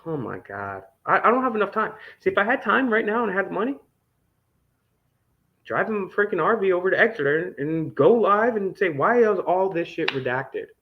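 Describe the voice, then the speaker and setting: An indignant man rants through a stack of documents, his fairly high voice leaping up and down with sarcasm as he swears freely. The dull, lo-fi recording takes the edge off his voice. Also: animated, fairly quick. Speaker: independent news vlogger. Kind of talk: ranting commentary reading documents aloud.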